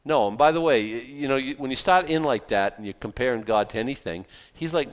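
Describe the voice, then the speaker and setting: A man's voice: medium pitch, a little fast. Chatty man preaching a casual sermon. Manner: chatty, self-interrupting, with joking asides. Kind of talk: conversational sermon.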